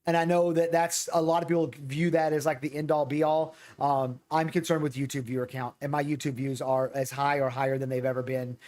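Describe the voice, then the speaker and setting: A man hosting a casual livestream chat, reading chat messages and talking in halting, self-repeating bursts. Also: a little high, level tone, a little mellow. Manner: halting, repeats words, reads chat aloud. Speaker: streamer host.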